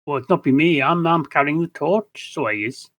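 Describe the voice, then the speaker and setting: A man's voice: fairly high pitch, normal speed, a bit bright, dry recording. A man playing a tabletop game, joking around as a timid character, over a video call. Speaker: player.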